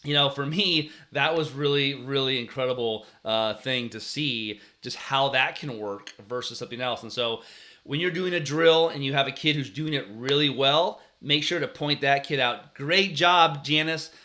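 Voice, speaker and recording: An earnest man, likely in his thirties, gives coaching advice in a relaxed, chatty way. His voice is bright and forward, with a middle pitch. He often restarts his sentences and sometimes acts out how he used to yell at his players. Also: normal speed. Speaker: youth sports coach and show host. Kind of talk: casual advice talk.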